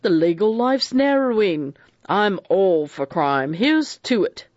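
A man's voice: high-pitched, very animated, slow, no echo, pitched above the performer's own voice, heavily acted. A narrator reading a novel aloud, voicing a reckless, cocky young man, on a dull lo-fi recording.

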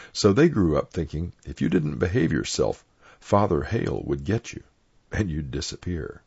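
Gravelly deep-voiced older clergyman storyteller. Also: sing-song, darkish tone, no room sound. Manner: plain unhurried storytelling. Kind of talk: reading personal anecdotes aloud. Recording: dull lo-fi dry recording.

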